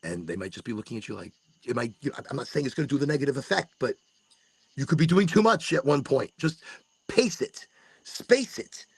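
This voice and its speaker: Gravelly man rambling outdoors at night. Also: mid-range voice, expressive, brisk, no echo. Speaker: podcast host. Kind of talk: casual late-night monologue. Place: outdoors on rural land at night. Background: crickets and insects.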